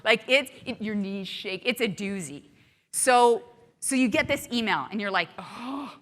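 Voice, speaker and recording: A woman giving a motivational keynote talk to a live audience, animated and often asking the room rhetorical questions. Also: mid-range voice, moderate pace, long reverb tail. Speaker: keynote speaker.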